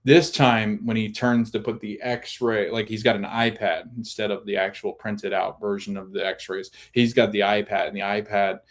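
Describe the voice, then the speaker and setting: A podcast host, a man, recaps a TV episode in a casual, animated way. He backtracks and restarts often, and his voice sits a little low. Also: moderate pace, few pauses. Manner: animated storytelling with many restarts.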